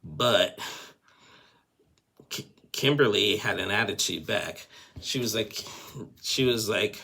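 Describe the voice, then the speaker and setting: Man, low gravelly voice, opinionated casual recap host, filler-heavy. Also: takes it slowly, long pauses, sharp tone. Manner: chatty, opinionated, full of fillers. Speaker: reality TV recap creator.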